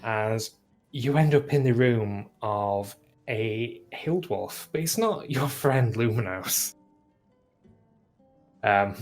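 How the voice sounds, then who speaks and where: A man narrating as game master in a tabletop game, relaxed with many fillers. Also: mid-range voice.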